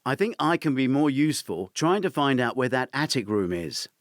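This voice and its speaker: A man's voice: mid-range voice, sing-song, moderate pace, no echo, studio quality, natural voice. A man voicing a shrewd, practical male ally who offers matter-of-fact suggestions.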